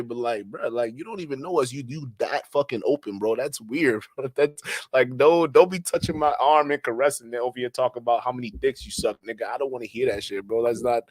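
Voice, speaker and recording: Brief: casual man streamer, slangy and laughing, mid pitch, dry close mic. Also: a bit bright, no echo. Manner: slangy, laughing, repeats himself. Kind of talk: casual chat reading viewer comments.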